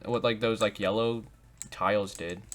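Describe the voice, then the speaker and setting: A man with a bright, lower voice. He gives goofy, self-mocking let's play commentary and talks to himself while he works out each answer. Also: fairly even intonation, normal speed. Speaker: gaming video host.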